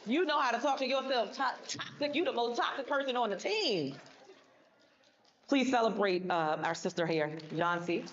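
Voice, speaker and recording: A woman's voice: on the high side, expressive, moderate pace, muffled recording, slight background noise. A woman giving a motivational speech on a conference stage, emphatic and colloquial, talking straight to the audience. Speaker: motivational speaker.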